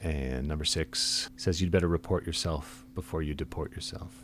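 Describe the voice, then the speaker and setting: A man's voice: extremely low pitch, steady tone, moderate pace, fairly bright tone. A man co-hosting a podcast over a remote call, chatting casually and reading the closing credits in a dry, wry way. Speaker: podcast producer and co-host. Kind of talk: casual chat and outro credits.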